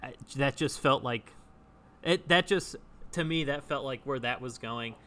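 Man, podcast co-host, bright voice, chatty, enthusiastic, casual improv talk. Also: medium pitch, a little slow. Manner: chatty, enthusiastic, restarts often. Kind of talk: casual chat about improv.

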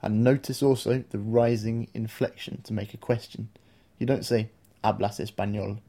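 A man teaching a podcast language lesson, explaining phrases slowly and clearly and repeating them. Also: medium pitch, fairly even intonation, mellow.

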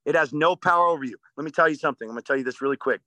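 A man's voice: on the high side, racing, pushed and bright, no echo. A man co-hosting a casual podcast, talking in an intense, profane, motivational way.

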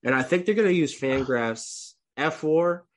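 A young man co-hosting a casual baseball podcast, congested, clearing his throat and swearing often. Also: fairly high pitch, animated, unhurried. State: congested, coughing. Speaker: podcast co-host. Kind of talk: casual chat.

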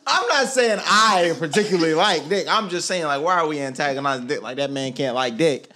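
A man's voice: a little high, animated, brisk, background noise. A drunk man on a casual podcast, teasing and interrupting, then apologizing.

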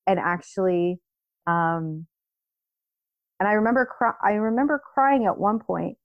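A woman in her thirties telling a personal story in casual chat, animated, acting out what people said. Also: medium pitch, measured pace, no echo, dull audio. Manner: animated storytelling, acts out quoted voices, laughs. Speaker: podcast co-host.

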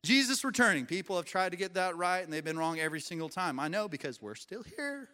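High, bright-voiced male pastor preaching. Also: big pitch swings, fast, in a large hall. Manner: conversational, joking with the congregation. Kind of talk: sermon. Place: church sanctuary.

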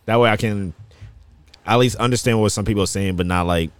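A man's voice: lowish voice, brisk, smooth, no room sound. A young man co-hosting a podcast, laid back, chiming in with short comments and the odd swear. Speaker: podcast co-host. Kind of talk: casual chat.

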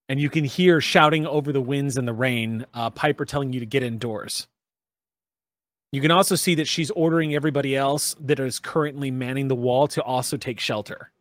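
A man narrating as game master of a tabletop game, relaxed and chatty with frequent fillers. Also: mid-range voice, no echo.

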